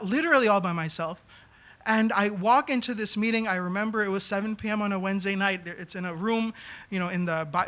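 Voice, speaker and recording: A man in his thirties from New York City telling a comic story on a theater stage, animated, acting out the voices he quotes. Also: high-pitched. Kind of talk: live comedic storytelling. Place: small theater stage, live audience.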